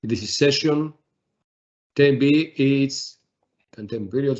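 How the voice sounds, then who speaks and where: Here a man walks through a software demo for a webinar audience, stumbling along with frequent fillers and false starts. He speaks at a medium pitch over lo-fi sound.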